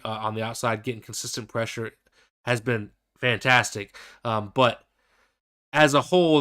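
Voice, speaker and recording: A man co-hosting a casual sports podcast, easygoing and halting, with lots of fillers and restarts. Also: mid-range voice, bright, forceful tone, clean tone. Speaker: podcast co-host.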